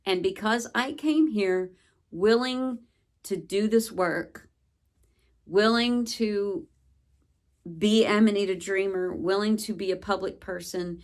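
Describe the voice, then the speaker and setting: A woman vlogger recounting a personal experience in an earnest, searching way, with slow phrasing and many pauses. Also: mid-range voice.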